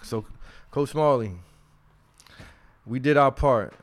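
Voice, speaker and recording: A man hosting a podcast in casual chat, reading listener emails aloud in an animated, slangy way and laughing along. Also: mid-range voice, takes it slowly. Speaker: podcast host.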